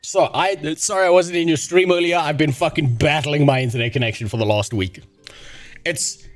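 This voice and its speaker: A man ranting and joking with heavy swearing, as the host of a casual livestream, over faint music. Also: mid-range voice. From South Africa. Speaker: streamer.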